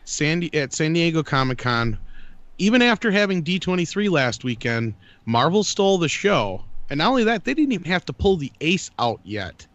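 A man's voice: fairly high pitch, very animated, moderate pace, fairly bright tone, no room sound, muffled recording. Blunt man steering a panel chat. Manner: blunt, steers the talk, swears casually.

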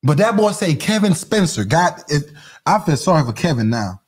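A man hosting a podcast, delivering a loud comedic rant, mocking, repeating catchphrases and laughing often. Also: fairly high pitch, very animated, normal speed, husky. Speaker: podcast host.

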